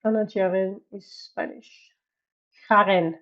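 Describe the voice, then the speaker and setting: A woman's voice: fairly low pitch, fairly even intonation, unhurried, muffled recording. A woman from the Netherlands with a Dutch accent, chatting casually on a coloring live stream, reading chat aloud and laughing often.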